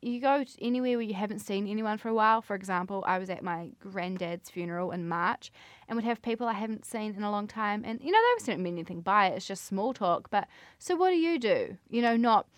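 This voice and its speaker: A woman's voice: medium pitch, expressive, quick pace, no room sound. A woman in her late twenties hosting a solo podcast, rambling and self-deprecating, swearing now and then. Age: 20s. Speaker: podcast host.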